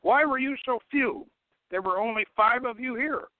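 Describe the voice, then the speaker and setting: A man playing a gruff commanding warrior chief. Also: very high voice, moderate pace, no room sound, pitched above the performer's own voice. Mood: menacing. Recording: dry, tinny phone-like radio sound.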